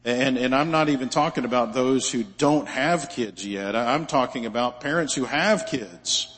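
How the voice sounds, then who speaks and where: A man delivering a sermon in a relaxed, conversational way, dropping in asides and rhetorical questions. His voice sits at a middle pitch. It carries the long reverb of a church hall. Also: normal speed. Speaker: preacher.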